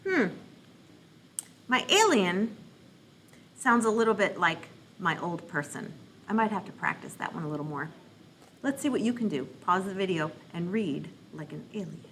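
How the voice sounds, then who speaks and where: A woman's voice: lowish voice, slight background noise. A woman children's librarian with an American accent, cheerfully encouraging children in a reading lesson. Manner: encouraging, cheerful, slow and expressive.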